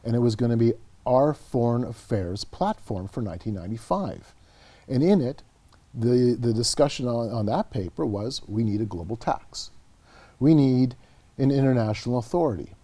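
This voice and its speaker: Speaking at a normal pace in a mid-range voice, this middle-aged Canadian man is a guest author sharing stories in a conversational interview. He's earnest and animated, and he tends to repeat his words as he goes.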